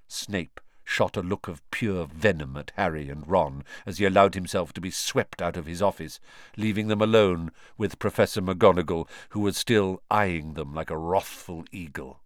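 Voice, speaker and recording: A man narrating a children's novel in an expressive storytelling manner. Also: low-pitched, moderate pace, dry recording, clean studio sound. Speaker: audiobook narrator. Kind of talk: scripted narration.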